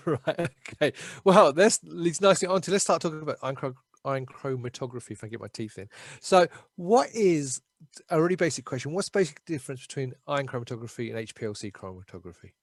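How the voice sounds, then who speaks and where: A man's voice: a little high, big pitch swings, a little fast, no echo. A man from South London hosting an interview over a video call, cheerful and chatty. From South London, England. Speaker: interview host.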